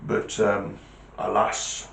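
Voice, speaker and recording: Man playing a dutiful Alsatian guard dog, clipped formal manner, loud and punchy, echoey room. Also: fairly low pitch, completely flat delivery, extremely slow, gravelly, slight background noise, voice pushed down, heavily acted. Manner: clipped, formal, keeps saying sir.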